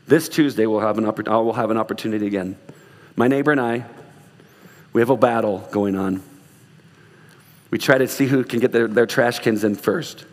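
A man's voice: lowish voice, a little fast, long pauses, long reverb tail. Earnest male pastor preaching, joking asides. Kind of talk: sermon and closing prayer. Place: church sanctuary.

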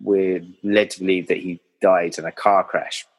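Male co-host, lowish voice, relaxed plot-recap chatter. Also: normal speed, low-quality recording. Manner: chatty, laughs often, retells plot. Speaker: film podcast co-host. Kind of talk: casual film discussion.

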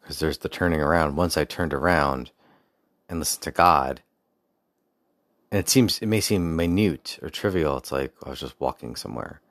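Very deep-voiced man telling a story. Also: normal speed, fairly bright tone, no room sound, studio quality. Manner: rambling, with frequent restarts and asides; faith-focused reflection. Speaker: podcast host. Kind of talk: casual personal storytelling.

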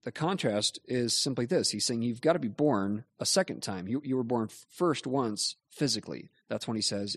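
A man, a pastor, explaining Bible questions in a measured, earnest way. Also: medium pitch, animated, dry recording. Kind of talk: Bible teaching in a question-and-answer show.

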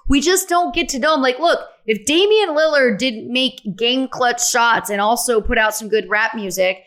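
Lively higher-voiced American woman host. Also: moderate pace. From United States. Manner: lively, conversational. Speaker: podcast host. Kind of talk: casual interview chat.

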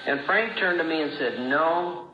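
Speaking unhurriedly in a fairly high voice, a man shares his recovery story at a meeting. He's plain-spoken and acts out remembered conversations, captured on a roomy, dull old talk recording.

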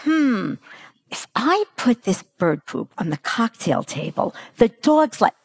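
A woman voicing an eight-year-old girl who is thinking up a surprise, in a high, squealing tone. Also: very animated, takes it slowly, vocal fry, dry recording, studio quality, full character voice. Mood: giddy.

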